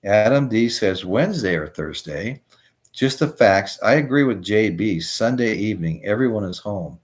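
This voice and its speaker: A man's voice: fairly low pitch, lively intonation, moderate pace. An older man hosting a live show, chatting casually, telling rambling stories and reading out viewer comments. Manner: rambling storyteller, drifts off topic. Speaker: host of a live music show.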